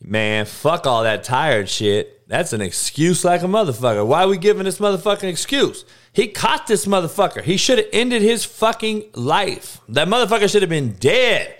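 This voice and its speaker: A man's voice: high-pitched, big pitch swings, normal speed, hardly any pauses. A man hosting his own podcast, ranting in a blunt, heated way with lots of swearing, rambling and restarting his sentences. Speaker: podcast host. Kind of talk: solo podcast rant.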